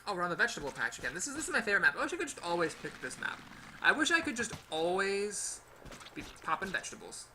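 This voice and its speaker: Bright, gravelly-voiced male game commentator. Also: high-pitched, quick pace, a little hiss or hum. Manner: chatty, animated, playful exclamations. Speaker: gaming video host. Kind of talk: casual gameplay commentary.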